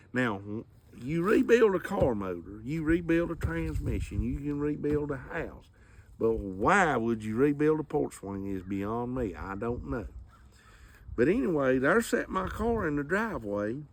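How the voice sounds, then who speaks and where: Man telling a comic story. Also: medium pitch. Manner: animated, acts out sound effects and voices. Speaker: comedic storyteller. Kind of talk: comedic storytelling monologue.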